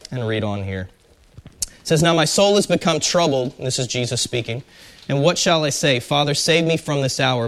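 A man's voice: on the high side, fairly bright tone. A man teaching a small-group Bible study, talking conversationally and putting questions to the group. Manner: conversational, asks the group questions, frequent fillers.

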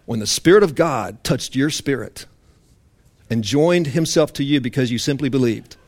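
A man preaching a sermon to a congregation with impassioned emphasis that drops to hushed intensity. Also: medium pitch, normal speed. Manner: mock-indignant voice for a legalist's complaint.

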